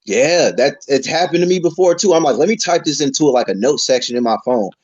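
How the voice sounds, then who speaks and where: A man's voice: a little high, animated, brisk, darkish tone, dry recording, dull audio. A man hosting a casual spiritual chat, talking in a laid-back, slangy and encouraging way. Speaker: podcast host.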